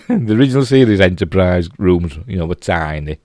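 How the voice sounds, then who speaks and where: Yorkshire man, very low voice, dry close sound, chatty rambling reviewer. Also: expressive, normal speed, darkish tone, no room sound. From Yorkshire, England. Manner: rambling, lots of "you know" and restarts. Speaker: TV episode reviewer. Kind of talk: casual spoken review.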